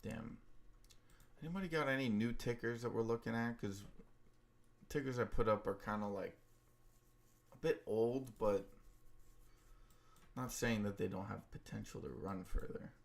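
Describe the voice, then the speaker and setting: A man's voice: lowish voice, a little slow, vocal fry, pauses often. A man hosting a casual livestream, speaking in an offhand way and thinking aloud with many fillers. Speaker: stream host trading stocks.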